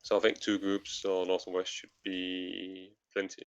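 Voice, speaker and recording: A man leading raid tactics over voice chat, measured and hedging as he thinks aloud. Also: low-pitched, completely flat delivery, clear, resonant tone, no room sound, dull audio. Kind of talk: casual voice chat strategy talk.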